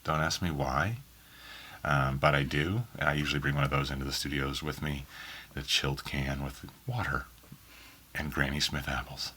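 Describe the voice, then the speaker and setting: A man's voice: rumbling low, level tone, normal speed, sharp tone, breathy edge. A man from Oklahoma with a faint Southern accent, an audiobook narrator answering interview questions in a rambling way full of ums. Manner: rambling, many ums and restarts. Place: small home booth in a spare bedroom.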